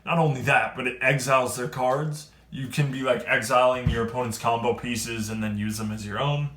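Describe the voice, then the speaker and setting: A man giving a casual, excitable card-game review, rambling and trailing off quieter at the ends of thoughts. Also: medium pitch, moderate pace. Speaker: card game video creator. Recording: roomy echo.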